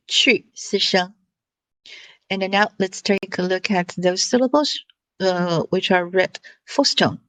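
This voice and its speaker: A woman teaching tones in an online lesson, slowly repeating each syllable with patience. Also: medium pitch, dry recording. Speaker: Mandarin teacher.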